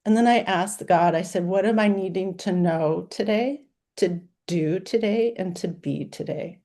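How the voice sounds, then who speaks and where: Slow, mellow-voiced woman in her sixties. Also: on the low side. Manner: earnest, emotional, list-like phrasing. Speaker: life coach. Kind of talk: heartfelt talk.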